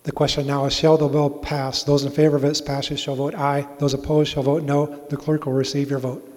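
Man presiding over a legislative floor vote. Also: fairly high pitch. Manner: measured, even, ceremonial cadence. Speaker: presiding speaker of a state legislature. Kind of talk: formal parliamentary procedure, calling votes. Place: large legislative chamber. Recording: long echo of a large chamber.

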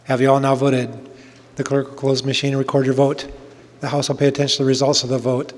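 A man presiding over a state house session, calling votes and motions in flat, measured, formulaic phrases. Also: mid-range voice. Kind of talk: formal parliamentary procedure. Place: legislative chamber. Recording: long reverb of a large chamber.

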